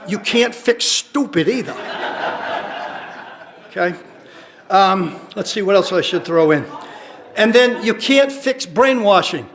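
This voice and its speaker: A man's voice: sits high, expressive, background noise. An older man, a retired teacher and researcher, rambling through wry stories and drawing out his punchlines. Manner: wry storyteller, drawn-out punchlines. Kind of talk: rambling anecdotal talk.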